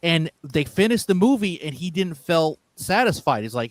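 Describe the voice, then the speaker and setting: A man's voice: a little high, very animated, moderate pace, no echo. A man chatting casually on a stream, telling long rambling stories with lots of fillers and restarts. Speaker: stream co-host. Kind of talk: casual chat.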